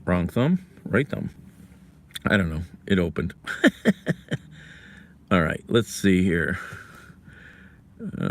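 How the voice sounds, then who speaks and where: A man hosting a casual livestream from his car, ranting angrily and swearing, then fumbling with his phone. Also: sits low. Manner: angry, profane, ranting. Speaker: livestream host.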